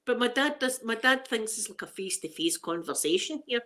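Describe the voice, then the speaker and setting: A woman's voice: fairly high pitch, lively intonation, fairly quick, hardly any pauses, fairly bright tone. A Scottish woman in her forties, chatting casually for an ASMR video, self-mocking and laughing often. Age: 40s. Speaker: ASMR creator.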